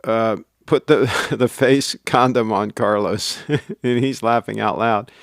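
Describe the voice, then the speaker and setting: A man's voice: medium pitch, steady tone, slow pace, creaky, dry recording, clean studio sound. A middle-aged man hosting a casual livestream, chatting, laughing often and reading viewer comments aloud. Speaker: livestream host.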